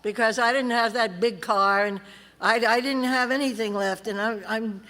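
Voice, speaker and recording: A woman's voice: fairly high pitch, fairly even intonation, normal speed, a bit bright. Blunt, wry woman telling her story. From California. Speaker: recovery meeting speaker. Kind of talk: personal story told to a convention audience. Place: large convention hall. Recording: reverberant convention hall.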